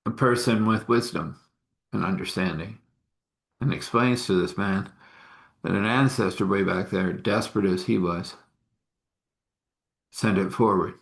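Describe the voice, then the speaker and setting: Folksy male storyteller with a low voice. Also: a little slow, vocal fry, pauses often. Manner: folksy, chuckling asides. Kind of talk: casual spoken storytelling.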